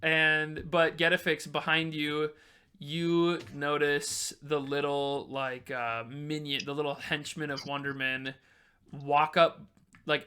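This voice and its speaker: A man's voice: on the high side, bright, forceful tone, smooth. A man running a tabletop game as game master, talking casually with frequent laughs and swearing.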